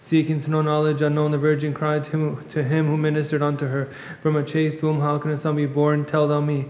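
Male reader, rapid monotone liturgical recitation; muffled, long church reverb. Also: on the high side, a little hiss or hum. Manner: fast monotone recitation, clears throat at times. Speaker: reader at a monastery service. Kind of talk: rapid liturgical chant reading.

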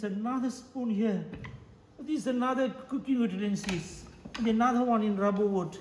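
A man's voice: high-pitched, normal speed. A man, hosting a comic show-and-tell vlog at home, full of mock amazement. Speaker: vlogger host. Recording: echoey room with background noise.

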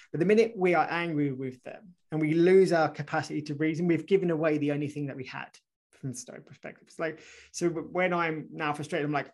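A man who is a guest author in an interview, explaining ideas in an animated, conversational way with frequent restarts and "right?" asides. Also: fairly high pitch.

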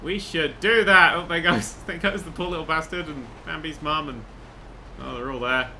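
A young man giving excitable gameplay commentary, swearing, laughing and humming tunes as he plays. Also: a little high, moderate pace, slight background noise. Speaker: gaming video host.

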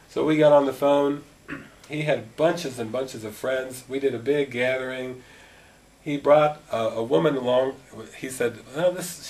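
A middle-aged man giving a spiritual talk to a gathering, telling stories and acting out conversations. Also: medium pitch. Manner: animated storyteller, acting out dialogue. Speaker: spiritual teacher. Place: meeting room at a gathering. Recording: distant mic with faint noise.

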